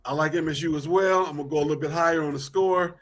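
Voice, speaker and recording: A man's voice: a little high, fairly even intonation, racing, faint music behind. A man co-hosting a casual sports talk show, loose and repetitive, laughing easily as he talks picks.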